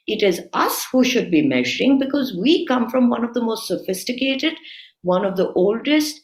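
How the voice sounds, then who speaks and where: A woman's voice: mid-range voice, roomy sound. A woman speaking as a guest commentator in a talk-show conversation, assertive and emphatic as she argues her points. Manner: assertive, rising emphatic when arguing.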